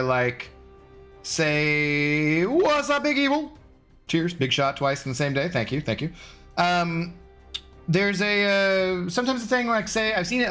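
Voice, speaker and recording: A man's voice: fairly high pitch, a bit bright. A man casually chatting with viewers while live-streaming a mobile game, greeting them by name.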